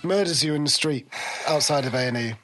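A man's voice: on the high side, noisy background. A man narrating a comedy tabletop game as game master, playful and teasing. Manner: playful, teasing, halting with fillers. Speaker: game master and podcast host.

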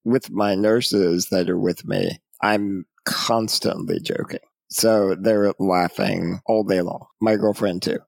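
A man as a podcast guest, talking in a serious, measured, quiet way. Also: fairly low pitch, fairly even intonation, gravelly, no room sound. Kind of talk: conversational interview.

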